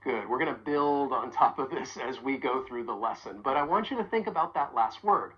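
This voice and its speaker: A woman teaching a pronunciation lesson, speaking clearly and deliberately and stressing sounds for learners to repeat. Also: very deep voice, expressive, highs cut off. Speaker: accent coach.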